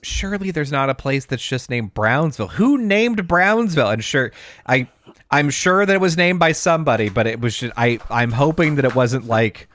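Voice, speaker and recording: A man's voice: mid-range voice, lively intonation, normal speed, a bit bright. A man co-hosting a podcast in casual chat, rambling and laughing as he talks. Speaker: podcast co-host.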